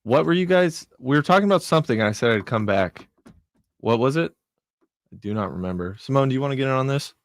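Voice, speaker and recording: A man's voice: mid-range voice, animated, quick pace, dry recording, clean studio sound. A man, a radio producer, chatting loosely with a livestream audience in an easygoing, rambling way. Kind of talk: casual chat on a livestream.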